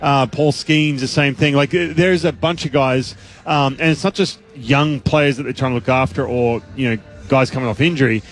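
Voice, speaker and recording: A man's voice: mid-range voice, fairly even intonation, moderate pace. A man, a baseball analyst guest, talking casually on sports radio in a rambling way with many restarts and asides.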